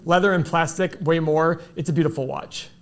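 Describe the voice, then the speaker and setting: A man co-hosting a stock market livestream, chatting casually and telling a lively story with acted-out dialogue. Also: a little high, brisk. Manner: animated storyteller, acts out dialogue. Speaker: stock market show host.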